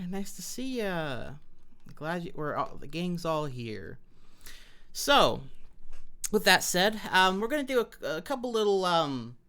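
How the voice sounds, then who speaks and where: A woman's voice: deep voice, a bit bright. An American woman streaming live, chatting playfully and greeting her viewers by name. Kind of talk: casual live-stream chat. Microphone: wearing headphones.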